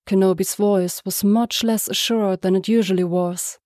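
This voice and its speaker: A woman reading a story aloud as narrator, soft-spoken and even. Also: medium pitch, normal speed, few pauses, no echo, studio quality. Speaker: podfic reader. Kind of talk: scripted narration.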